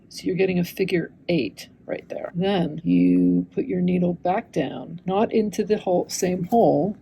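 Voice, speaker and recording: Chatty woman craft teacher, mellow, relaxed tone, talks through her stitching with rambling asides. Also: lowish voice, creaky, a little hiss or hum, low-quality recording. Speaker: embroidery teacher. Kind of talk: casual stitching tutorial.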